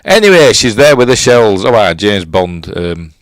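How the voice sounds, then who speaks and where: A middle-aged Yorkshire man chats his way through a film review, his low voice bouncing up and down with lively swings. He rambles, stops to correct himself and chuckles along. The sound is close and dry, with no room around it. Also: normal speed, no echo. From Yorkshire, England. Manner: rambling, chatty, self-correcting with chuckles and fillers. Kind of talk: casual film commentary with live chat.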